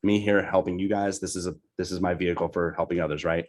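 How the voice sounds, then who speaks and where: Speaking low and steady at a quick pace, this man leads his real estate team through an informal training on sales calls. He's chatty and easygoing, with a New Jersey accent and a habit of tossing in "right?"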